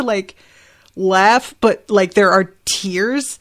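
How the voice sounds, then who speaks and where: A woman's voice: mid-range voice, slow pace, fairly bright tone. A woman hosting a podcast, recapping an episode in a chatty way with laughing asides and frequent fillers. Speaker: podcast host.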